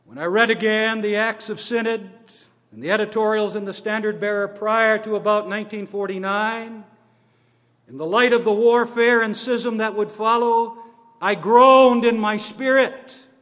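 A man giving a formal address on church history, slow and deliberate, stressing his words one by one. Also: high-pitched, steady tone, a bit bright. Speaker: church speaker on denominational history. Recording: long reverb of a large hall.

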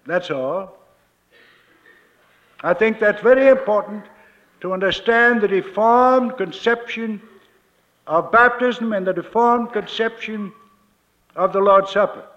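A man preaching a sermon as a minister, slow and emphatic, repeating his key phrases. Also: high-pitched, a bit bright, dull audio.

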